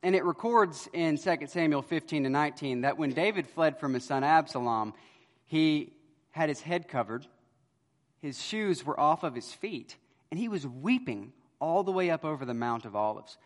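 A pastor delivers an earnest sermon, his fairly high voice swelling loud on key words and then falling to a hush. His words carry a long reverb that rings through a church sanctuary. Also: animated, moderate pace.

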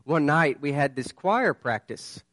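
A man's voice: fairly high pitch, lively intonation, a little slow, fairly bright tone, no echo. A man preaching a sermon. He tells a personal story in an earnest, conversational way and turns it into urgent warnings. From southern United States. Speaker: pastor.

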